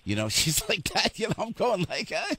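A man's voice: high-pitched, normal speed, breathy edge, dry recording. A man hosting a radio show, talking emphatically and repeating his points. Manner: animated, emphatic, repeats phrases. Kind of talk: heated talk radio conversation. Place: radio studio.

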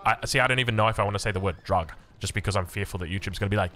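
A man's voice: fairly low pitch, rapid-fire, fairly bright tone. A young man with an Australian accent, casting a strategy game with jokey, rambling asides. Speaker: game caster. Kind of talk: game commentary with chatty asides.

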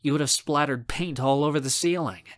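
A man reading an irritable teenage boy in an audiobook, speaking slowly and with dry annoyance. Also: a little high, fairly bright tone, no room sound, lightly acted. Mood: annoyed. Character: irritable teen boy friend.

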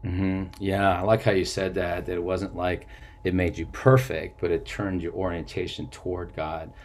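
A male host interviewing a guest, with soft affirming murmurs and rambling follow-up questions. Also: deep voice, little pitch movement, normal speed, slight background noise.

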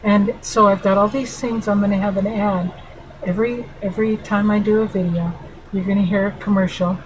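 A woman's voice: medium pitch, steady tone, brisk, background noise. A middle-aged woman, a family therapist, speaking earnestly and affectionately straight to her viewers in a heartfelt vlog. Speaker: family therapist and channel host. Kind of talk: heartfelt direct-to-camera vlog.

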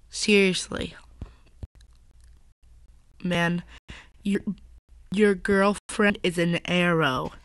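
A woman's voice: lowish voice, steady tone, drawn-out words, pauses often, dry recording, poor audio. A woman chatting casually while commenting on her Minecraft gameplay, rambling and often correcting herself mid-sentence. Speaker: gaming channel host.

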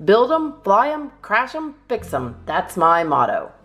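A woman's voice: mid-range voice, wildly swooping pitch, a little slow, a bit bright, soft background music, pitched above the performer's own voice. A woman voicing a proud but kind older boy bear cub in a storybook, explaining things patiently. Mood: reassuring.

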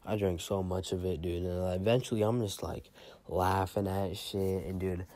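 A young man telling a casual storytime in a rambling, slangy, profane way, a little high. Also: steady tone, moderate pace, warm tone. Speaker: vlogger.

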